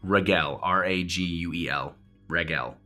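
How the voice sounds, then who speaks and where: A man doing a nervous, shifty street dealer in a tabletop game, cagey and repeating himself. The voice sits very low. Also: a little slow, pushed and bright, soft background music. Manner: evasive, jumpy, keeps repeating himself.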